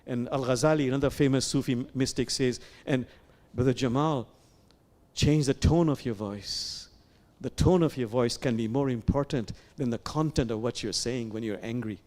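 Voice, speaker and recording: A man leading a sermon as imam, speaking in an animated way with repeated phrases and questions to the listeners. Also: mid-range voice, normal speed. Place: sanctuary.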